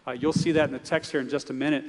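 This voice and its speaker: A man from Texas preaching a sermon in a conversational, animated way, with frequent restarts. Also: medium pitch, racing, in a large hall. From Texas, United States. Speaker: pastor. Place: church sanctuary.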